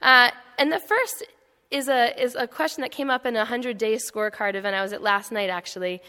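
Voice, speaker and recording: Woman panel speaker, bright, conversational, restarts often, reverberant hall. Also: fairly high pitch, fairly quick. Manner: conversational, storytelling with frequent fillers and restarts. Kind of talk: public talk at an event. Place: indoor hall.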